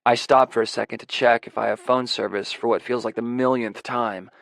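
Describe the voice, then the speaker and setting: A male audiobook narrator with a gravelly, textured voice, telling the story in a measured, introspective way. His pitch sits in a middle range. The read is dry and close, with no room sound. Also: steady tone, fairly bright tone, no echo. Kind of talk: first-person audiobook narration.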